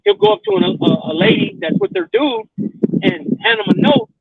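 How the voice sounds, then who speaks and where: A man's voice: extremely high pitch, lively intonation, normal speed, creaky. A man in casual chat, rambling and swearing, often asking whether you follow him. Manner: profane, rambling, keeps asking "you know what I mean". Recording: tinny phone line, dry.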